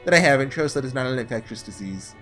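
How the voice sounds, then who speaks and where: A man reading aloud as a frail young woman, in measured, reflective narration, with a lively, varied pitch. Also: faint music behind, lightly acted.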